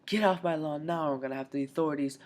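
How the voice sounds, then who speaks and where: A man voicing an angry old woman in her sixties or seventies who shouts at a stranger in a shrill, scolding way. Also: racing, close to an everyday voice.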